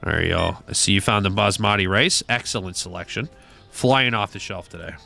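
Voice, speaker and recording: A man's voice: low-pitched, fairly quick, creaky, bright, forceful tone, soft background music. Chatty man playing a cheery shopkeeper. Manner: chatty, greets imaginary customers in a cheery shopkeeper voice. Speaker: gaming YouTuber. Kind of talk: playful let's-play commentary.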